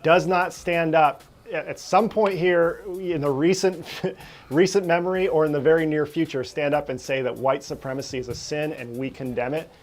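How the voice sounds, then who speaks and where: A man who is a pastor, speaking directly and earnestly in a podcast conversation, pausing with fillers. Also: on the high side. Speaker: pastor, guest.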